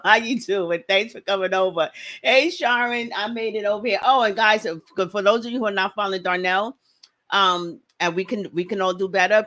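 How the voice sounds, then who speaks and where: A woman hosts a casual livestream, speaking quickly and greeting viewers one by one. Her voice is bright and forward. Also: mid-range voice. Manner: fast-talking, greets viewers by name. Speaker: livestream host.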